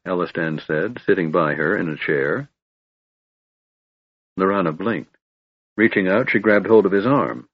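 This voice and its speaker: Steady male fantasy narrator, low and husky, dull dry recording. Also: unhurried, pauses often, no echo. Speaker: audiobook narrator.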